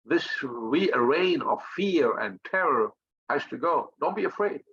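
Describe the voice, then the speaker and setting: Male speaker, high pitch, combative and profane, hammers his points by repeating them, muffled lo-fi recording. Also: animated, a little slow, fairly bright tone, slightly rough. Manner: blunt, profane, combative, emphatic repetition. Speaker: think tank leader. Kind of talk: fiery motivational talk.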